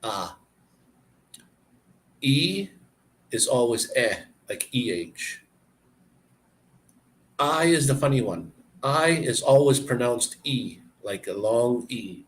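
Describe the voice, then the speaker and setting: A man chatting casually and explaining words, halting and searching for words as he goes. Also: mid-range voice, animated. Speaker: person explaining language to a visitor. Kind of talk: casual chat.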